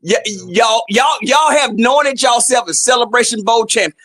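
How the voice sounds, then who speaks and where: A man, shouting and teasing in a boisterous sports chat. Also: very high voice, normal speed, no echo. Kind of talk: loud trash-talking sports chat.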